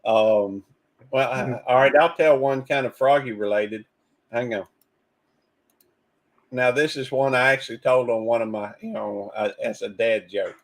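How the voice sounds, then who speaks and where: A man hosting a casual live stream, talking in halting, repeated starts as he greets callers and tells a dad joke. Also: mid-range voice, low-quality recording. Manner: halting, repeats words, cautious. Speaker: stream host.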